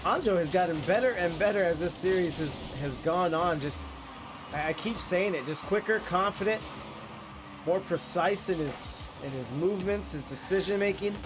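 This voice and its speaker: A man casting an esports match in excitable play-by-play style, sounding congested and nasal from a cold. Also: sits high, normal speed, background noise. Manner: excitable play-by-play with frequent restarts. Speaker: esports caster.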